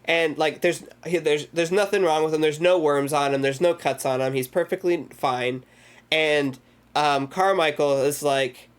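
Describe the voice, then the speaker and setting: Guy with a bit of a higher voice rambling thru a movie recap, tons of "like", super casual chat. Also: a little slow, clear, resonant tone. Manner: rambling, many filler words; energetic retelling of scenes. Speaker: movie discussion host.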